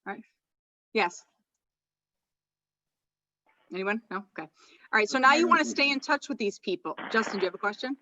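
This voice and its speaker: A woman leading a live real estate training session, chatty and animated, often stopping herself mid-thought. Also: fairly high pitch, brisk, pauses often, distant mic, lo-fi sound. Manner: chatty, animated, self-interrupting.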